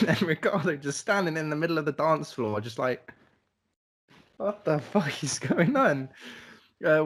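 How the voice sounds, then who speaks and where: A young man, rambling and laughing his way through a casual podcast story, full of fillers and swearing. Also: a little high. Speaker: podcast co-host telling a travel story.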